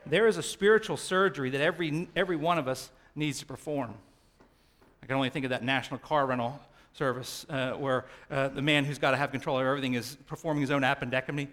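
A middle-aged man preaching a sermon as pastor, animated and swinging down to quiet tones for emphasis. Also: mid-range voice.

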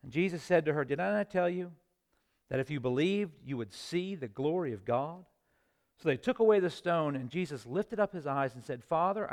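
A man preaching a sermon, reading scripture aloud and acting out its voices, swinging from hushed near-whispers to loud, rising emphasis. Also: on the high side.

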